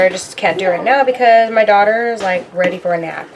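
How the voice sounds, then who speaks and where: A chatty young woman vlogging her day in a slightly high voice. She talks casually and keeps turning to her viewers as "you guys.". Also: quick pace, slight background noise. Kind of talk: casual chat.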